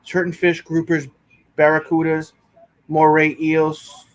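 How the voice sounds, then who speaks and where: A man's voice: fairly high pitch, monotone, slow. A man livestreaming from his bedroom, casually arguing with viewers in chat and swearing often. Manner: profane, bickering with chat. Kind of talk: casual live stream chat reading comments.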